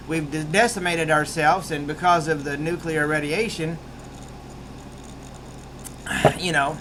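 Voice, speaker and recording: A man's voice: a little high, fairly bright tone, a little hiss or hum. A man with a rural American accent giving a casual book review, rambling with many restarts.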